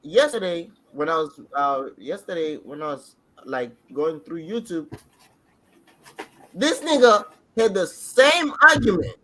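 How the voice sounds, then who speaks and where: A man on a podcast excitedly rambling through a show recap, restarting sentences as he goes. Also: on the high side, a little slow, poor audio. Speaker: podcast co-host. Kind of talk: casual reaction chat.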